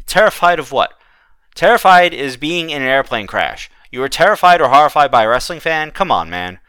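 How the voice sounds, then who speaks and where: A man's voice: a little high, sing-song, brisk, bright, forceful tone, clear, resonant tone, dry recording. A man hosting a wrestling podcast, chatting casually with plenty of restarts. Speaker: podcast host. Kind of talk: casual chat.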